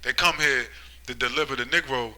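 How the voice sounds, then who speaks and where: A religious commentator, male, delivers a rambling, preachy monologue in a bright, forceful voice, repeatedly nudging listeners with "right?" and "you see?". His volume swings between loud, emphatic bursts and low muttering, and he slows to a drawn-out pace when reading scripture. The audio quality is poor.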